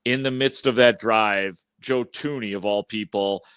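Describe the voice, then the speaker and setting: A man's voice: fairly low pitch, measured pace, fairly bright tone, clear, resonant tone, no room sound. A man co-hosting a postgame sports podcast, recapping the plays in a conversational way with frequent restarts. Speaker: podcast co-host.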